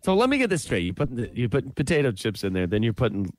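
Rambling, lively male radio co-host. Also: mid-range voice, fast talker, soft background music. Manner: rambling, storytelling, laughs easily. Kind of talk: casual radio banter.

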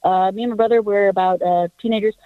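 A woman's voice: medium pitch, steady tone, fast talker, no room sound. A woman from Texas calling into a radio show, eagerly telling a personal story. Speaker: radio caller. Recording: tinny phone line.

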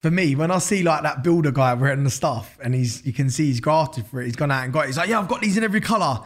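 A man's voice: medium pitch, fast talker. Slangy London man in casual chat. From England. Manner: loose, slangy, full of fillers and swearing. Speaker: guest, business founder.

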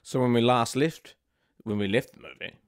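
A man's voice: medium pitch, moderate pace, smooth, dry recording, studio quality. A man co-hosting a comedy podcast, chatting and joking with plenty of restarts. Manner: rambling, jokey, frequent restarts. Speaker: podcast co-host. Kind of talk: casual comedic chat.

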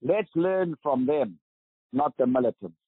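A man's voice: mid-range voice, lively intonation, unhurried, slightly rough, no echo. A man in his eighties with a South African accent, speaking emphatically as a guest in a phone interview. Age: 80s. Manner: emphatic, preaching. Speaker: guest, veteran golfer. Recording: tinny phone line, dry.

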